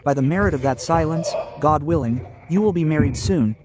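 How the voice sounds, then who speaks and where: A man preaching a sermon with jokes and stories, addressing his listeners as gentlemen. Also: fairly high pitch, brisk, noisy background. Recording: audience murmur behind.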